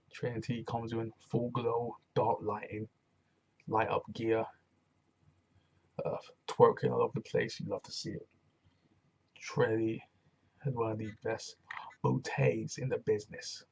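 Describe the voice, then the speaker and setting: A man's voice: on the low side, unhurried, gravelly, long pauses, breathy edge, highs cut off. A man giving a casual, rambling review of a wrestling show, retelling segments with loose commentary. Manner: rambling, animated retelling with acted quotes and laughs.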